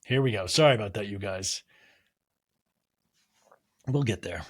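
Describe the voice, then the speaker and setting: Lively, animated male podcast host. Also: on the low side, measured pace. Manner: animated, rambling, swears freely. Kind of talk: solo podcast recap.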